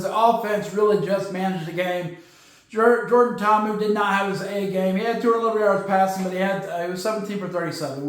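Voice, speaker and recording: High-voiced man hosting in an echoey room. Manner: rambling, hesitant, fillers, stumbles on names. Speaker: podcast host and sportswriter. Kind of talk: casual sports talk podcast.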